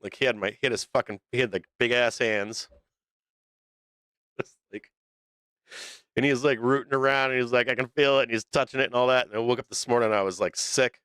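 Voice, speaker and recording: A man's voice: medium pitch, fairly quick, pauses often, a bit bright, smooth, no echo. A middle-aged man hosting a stock market livestream, talking in a blunt, profane, rambling way full of restarts. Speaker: stock market show host. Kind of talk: casual livestream rant.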